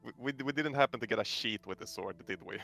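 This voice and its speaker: A man's voice: mid-range voice, fast, creaky, pushed and bright, faint music behind. A man playing a tabletop game, bantering and joking. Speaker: player. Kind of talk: casual tabletop play.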